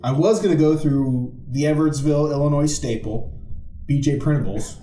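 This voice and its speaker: A man's voice: on the high side, moderate pace, warm tone. A young man co-hosting a podcast in casual banter, joking and swearing freely. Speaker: podcast co-host. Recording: roomy echo.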